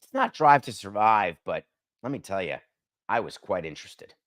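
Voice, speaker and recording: A man's voice: on the low side, big pitch swings, moderate pace, fairly bright tone. A middle-aged man hosting a solo sports talk show, brash and opinionated, firing off emphatic rhetorical questions.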